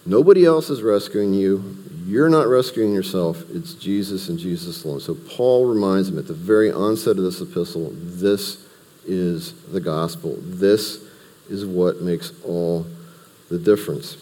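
Deep-voiced man teaching scripture in a hall. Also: a little slow, mellow. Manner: conversational, explains verse by verse with restarts and asides. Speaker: Bible teacher. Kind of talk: teaching a Bible study.

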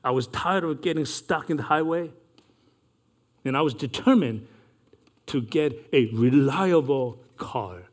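A man, earnestly recounting a personal story in a measured way, with occasional restarts. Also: medium pitch, slightly rough.

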